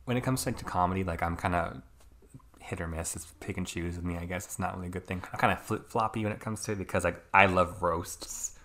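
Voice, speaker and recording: A man's voice: low-pitched, fast, pushed and bright. A young man hosting a podcast, talking things over casually with many fillers and hedges. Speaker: podcast host. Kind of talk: casual conversation.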